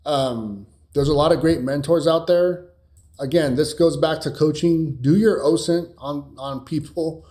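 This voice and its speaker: A man's voice: fairly high pitch, measured pace, mellow. Young california guy rambling thru a live q&a, lots of ums and restarts, swears a bit. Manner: rambling, many fillers and restarts, blunt with swearing. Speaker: cybersecurity streamer answering viewer questions. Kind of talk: casual live Q&A chat.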